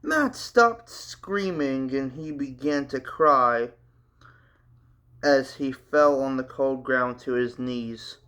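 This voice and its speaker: A man hosting his channel, reading a manga story aloud with casual, animated asides. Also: medium pitch, slow pace, clean tone. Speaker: channel host, story reader.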